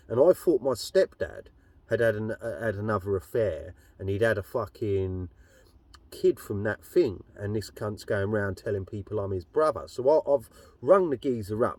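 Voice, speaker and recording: A man's voice: on the low side, normal speed, a little mellow, no room sound. A man telling a personal story in a blunt, rambling way, swearing heavily. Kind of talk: casual storytelling monologue.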